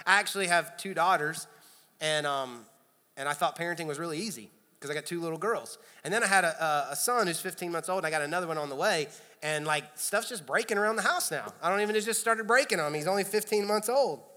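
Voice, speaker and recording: Animated pastor telling stories in a reverberant hall. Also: male voice, on the high side, fast talker. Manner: storytelling, animated, self-deprecating humor. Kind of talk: sermon. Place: church sanctuary.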